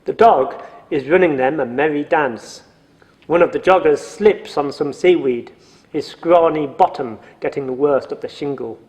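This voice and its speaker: A man's voice: a little high, moderate pace, darkish tone, big-room sound. A man narrating a story from a script in a dry, wry manner.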